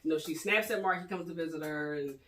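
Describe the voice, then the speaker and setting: A woman hosting a casual book discussion, retelling the plot in a chatty, animated way with many fillers. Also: low-pitched, fast. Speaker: host. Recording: echoey room, distant mic, faint noise.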